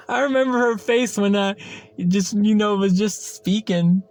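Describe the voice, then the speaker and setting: Young guy rambling on his podcast, gravelly, swears a lot. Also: high voice, unhurried, no echo. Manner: rambling, repeats himself, swears freely. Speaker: podcast host. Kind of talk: casual solo chat.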